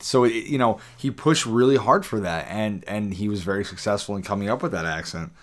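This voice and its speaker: A man with a fairly low voice co-hosting a podcast in an easy, conversational way. He speaks in stops and starts, often doubling up words as he finds his point. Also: brisk, hardly any pauses. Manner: stop-start, repeats words as he restarts. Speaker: podcast co-host. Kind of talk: casual podcast chat.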